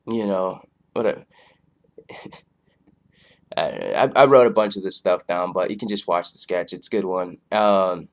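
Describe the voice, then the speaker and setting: A man with a fairly low voice talks through a comedy show review in a loose, rambling way. He drifts between thoughts and leans on fillers as he goes. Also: steady tone, moderate pace, long pauses. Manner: loose, filler-heavy, laid-back.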